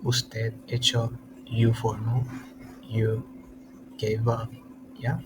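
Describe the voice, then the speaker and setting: A man from America, a tutor teaching an online lesson in halting English with many restarts. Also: medium pitch. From Latin America. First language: Spanish. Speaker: Spanish tutor. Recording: steady background noise.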